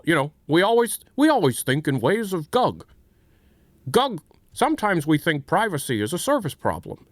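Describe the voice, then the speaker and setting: A man voicing a soda company spokesman who rambles with many pauses and fillers. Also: mid-range voice, dry recording. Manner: halting, full of "uh, you know". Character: smug fizzy-drink company spokesman.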